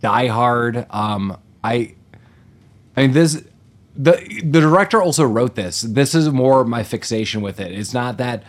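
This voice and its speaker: A man with a mid-range voice co-hosts a relaxed movie podcast. He riffs, jokes and spins the plot into bits. He poses questions to his co-host in an easy, chatty way. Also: medium pitch, unhurried. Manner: joking, riffing, laughs often. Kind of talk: casual movie review chat.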